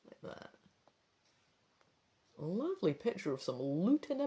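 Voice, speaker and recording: A woman hosting a let's play, reading the rules of a gamebook aloud and thinking aloud between sections, often dropping into soft muttering. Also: fairly low pitch, sing-song, measured pace, long pauses, slight background noise.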